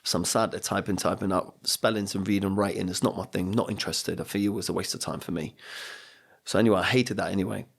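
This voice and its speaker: A middle-aged man from Poland sits as a podcast guest and recounts his life with animated storytelling. His voice sits low and a little husky. He slips into other people's voices as he quotes them. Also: fast talker. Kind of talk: storytelling in casual chat.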